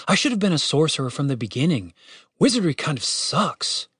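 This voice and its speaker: A man voicing a calm, level-headed young male spellcaster who leads the group, in an audiobook. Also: on the high side, fairly quick, breathy edge, no room sound, clean studio sound, exaggerated voice. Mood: plain. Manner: calm, commanding. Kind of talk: audiobook character voice.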